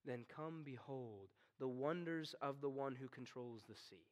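A man preaching a sermon, swinging from hushed, slow tones to stern, rising commands. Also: medium pitch. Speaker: pastor.

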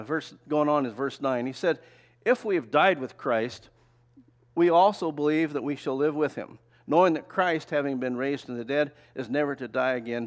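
Older man preaching a folksy sermon. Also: on the high side. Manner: conversational, asks rhetorical questions; folksy, tells personal stories. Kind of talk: sermon with slides.

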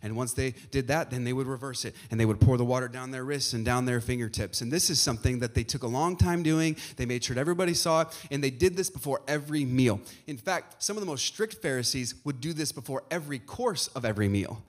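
A man preaching a sermon to his congregation, often filling pauses with uh and repeating phrases, and calling out questions for the crowd to answer. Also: medium pitch. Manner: asks the congregation for responses. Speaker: pastor.

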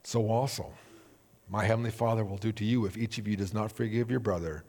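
A man preaching a sermon, telling a parable with animated storytelling and acting out the characters' voices. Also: fairly quick, slightly rough, in a large hall. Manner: animated storytelling, acting out characters with big swings in pitch and volume. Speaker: pastor.

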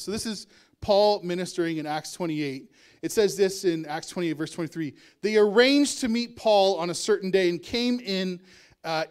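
A male pastor preaching a sermon in a conversational way, with asides and chuckles. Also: sits high.

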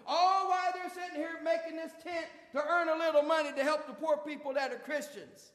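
A preacher tells his sermon as a folksy, colloquial story. His voice is pitched very high, and it rings through a big church hall with a long, lingering reverb. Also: level tone, a little fast, few pauses, a bit bright.

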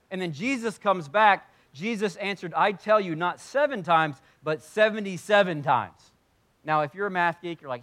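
Animated male pastor preaching a sermon. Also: on the high side, moderate pace. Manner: animated, acts out voices of Bible figures, drops to soft intensity. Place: church sanctuary.

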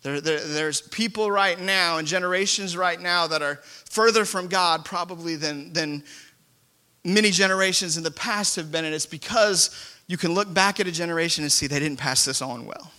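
A man preaches to his congregation in a church, slightly higher-pitched than most men. His voice is bright and pushing, and he tells stories in an easy, self-mocking way. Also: normal speed. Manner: conversational, self-deprecating storytelling. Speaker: pastor. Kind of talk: sermon. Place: church sanctuary before a congregation.

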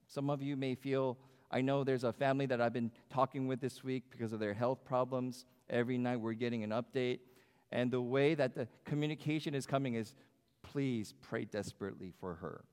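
A pastor preaches a sermon in a church sanctuary with long hall reverb, speaking conversationally and putting questions to the congregation. His voice is mid-range with a clean tone.

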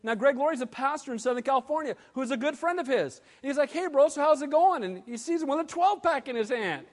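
Animated preaching man, high voice. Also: fast talker. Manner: animated preaching, swinging from loud to hushed. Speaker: pastor. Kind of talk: sermon. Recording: long hall reverb.

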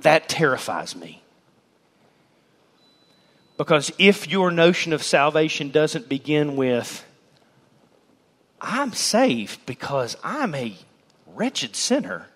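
A man preaching a sermon as pastor, emphatic, shouting key words and mimicking people's voices, in a church sanctuary. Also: fairly high pitch, big-room sound.

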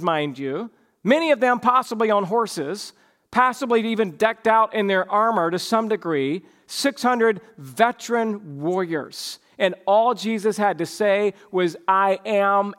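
A man's voice: sits high, fairly bright tone. A man preaching a morning sermon as pastor, emphatic and shifting his pace for effect.

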